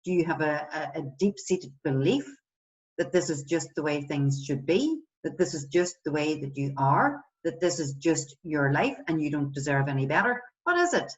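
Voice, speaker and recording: A woman's voice: deep voice, sing-song, normal speed. A woman wellbeing coach guiding listeners through a self-compassion exercise, asking many questions and acting out example voices. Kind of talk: guided self-help exercise. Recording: distant, dull lo-fi sound.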